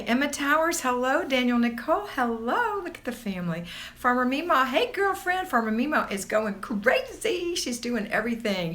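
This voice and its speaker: A woman's voice: on the high side, a bit bright. A woman hosting a casual livestream, bubbly and gushing as she greets viewers one by one. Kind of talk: casual live-stream chat. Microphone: phone or camera on a borrowed tripod.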